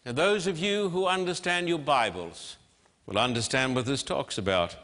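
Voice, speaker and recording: A man preaching a sermon with emphatic, measured delivery and dramatic pauses. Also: mid-range voice, fairly bright tone. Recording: long hall reverb.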